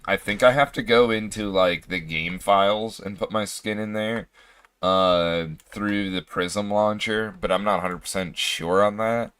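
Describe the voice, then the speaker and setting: A man with a hoarse voice, chatting casually while he streams a game, rambling and often clearing his throat. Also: lowish voice, a bit bright. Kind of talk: casual livestream chat.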